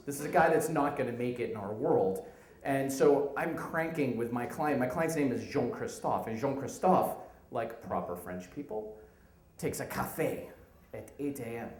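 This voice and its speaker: A man in his thirties telling a comic work story live on stage, animated, acting out the people in it. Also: medium pitch, roomy sound, low-quality recording. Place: stage in a venue.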